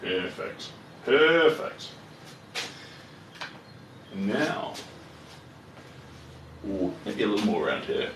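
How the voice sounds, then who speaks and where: Slow, low-voiced man painting in a roomy studio. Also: slight background noise. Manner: relaxed, muttering to himself as he works and greeting viewers. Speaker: painter live-streaming his process. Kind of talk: casual live-stream chat while painting. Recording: roomy echo, voice far from the mic, faint ambience.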